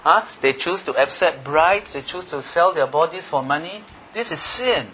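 A man's voice: on the high side, expressive, moderate pace, sharp tone, a little hiss or hum. A man preaching a sermon with emphatic repetition, asking his listeners questions.

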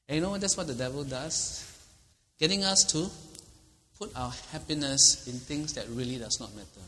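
A man delivers a sermon with lively energy, jumping up in pitch when he acts out a quote and chuckling along the way. His voice is bright and forward. It rings with the long reverb of a large hall. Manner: animated, acts out quotes with big pitch leaps, chuckles often. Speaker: preacher.

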